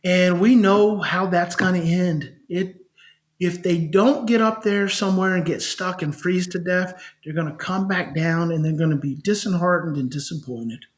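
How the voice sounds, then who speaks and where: This middle-aged man, a child behavior specialist appearing on a podcast, has a high voice and a moderate pace. He tells stories conversationally and animatedly, imitating parents' voices as he quotes them.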